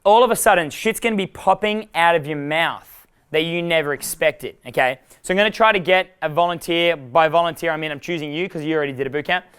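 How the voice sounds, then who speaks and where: A man giving a live dating seminar, animated and profane, laughing at his own jokes. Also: on the high side, fast, clear, resonant tone. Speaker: dating coach.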